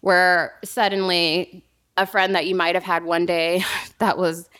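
A woman casually telling a story to a friend on a podcast, animated and laughing often. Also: lowish voice, a little slow, smooth.

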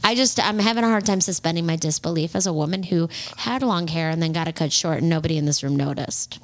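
A woman's voice: sits low, quick pace. A woman co-hosting a casual comedy podcast, playful and mock-indignant as she riffs and teases. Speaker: podcast co-host.

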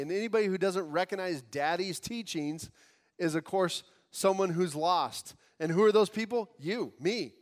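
High-voiced man preaching in a reverberant hall. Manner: earnest, conversational preaching with asides and restarts. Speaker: pastor. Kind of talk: sermon. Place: church sanctuary.

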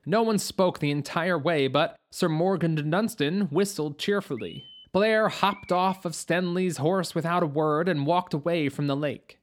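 A woman narrating a fantasy story in a steady, even reading. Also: fairly low pitch, a little slow, few pauses. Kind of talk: audiobook narration.

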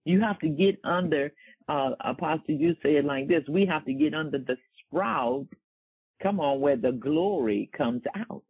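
A man's voice: on the high side, moderate pace, slightly rough. A man preaching a sermon in a call-and-response style. He repeats phrases and asks the congregation to fill in words. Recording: tinny, phone-like sound.

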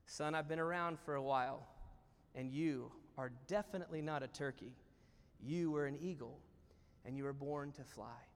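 A man voicing a wise old male owl who speaks slowly and softly in a fatherly way, in a church hall with reverb. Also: on the high side, clear, resonant tone, pitched below the performer's own voice, lightly acted. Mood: gentle. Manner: slow, soft, fatherly.

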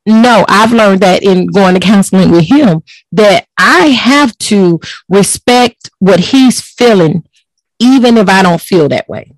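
A woman hosting a casual podcast speaks in an animated, unhurried, mid-range voice. She's earnest and emphatic, repeating words to press her points, and the low-quality recording is dry and close-miked.

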